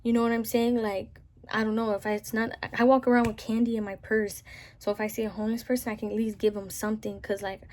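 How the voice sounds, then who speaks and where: A woman's voice: fairly high pitch, little pitch movement, fast, a little mellow. A young Southern woman ranting casually to camera, rambling with lots of "like" and "you know what I'm saying.".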